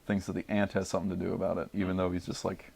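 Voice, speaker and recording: A young man with a very deep, gravelly voice tells a long story in a casual podcast chat. He talks in a flat, even way, full of "like" and "uh" as he goes. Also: rapid-fire. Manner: rambling, many fillers like "like" and "uh". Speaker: podcast regular. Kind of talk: casual chat, telling a movie pitch.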